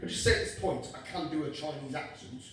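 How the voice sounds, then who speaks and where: Heard from afar in an echoey comedy club, a young man with a slightly high voice speeds through a stand-up set before an audience. He works the crowd with cheek and plenty of swearing.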